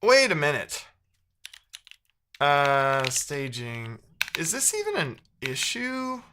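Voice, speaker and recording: A man's voice: fairly high pitch, wildly swooping pitch, slow, sharp tone, a little hiss or hum. A man live-streaming while he codes, chatting casually with viewers and thinking aloud, often second-guessing himself mid-sentence.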